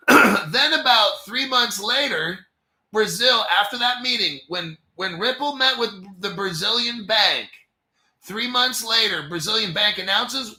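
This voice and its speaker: A man's voice: high-pitched, expressive, measured pace, pushed and bright, echoey room. A man hosting a casual crypto commentary video, talking in a hyped, jokey way and swearing often. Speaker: crypto channel host.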